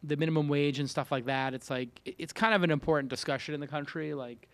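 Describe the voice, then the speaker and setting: Host type, Brooklyn man, slightly high voice, opinionated and jokey. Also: quick pace. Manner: animated, opinionated, joking rants. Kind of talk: casual roundtable chat.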